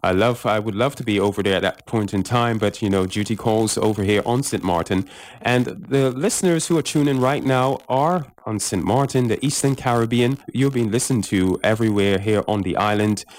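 A man's voice: lowish voice, dry recording. A man hosting a radio interview show, enthusiastic, stretching words for emphasis, with many uhs. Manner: enthusiastic, drawn-out emphasis, fillers.

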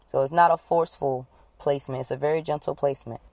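A woman coach leading listeners through a guided breathing exercise, giving calm, repeated instructions. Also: low voice, fast talker, no echo. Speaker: wellness coach.

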